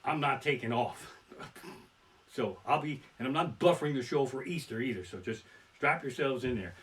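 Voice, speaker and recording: A man's voice: medium pitch, normal speed. A man doing a profane, crude stand-up set, live-streamed from his living room. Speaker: stand-up comedian. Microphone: barebones home streaming mic.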